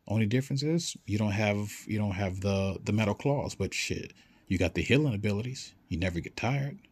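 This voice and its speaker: A man talking casually and with excitement, swearing now and then and acting out short back-and-forth exchanges as he urges listeners to imagine things. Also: fairly low pitch, breathy edge. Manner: animated, swears casually, acts out quick dialogues. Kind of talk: casual motivational monologue.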